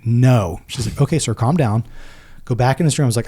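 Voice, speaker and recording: A man's voice: mid-range voice, brisk, dark tone. A man in his forties, a military veteran and podcast guest, earnestly retelling a personal story and acting out both sides of each conversation.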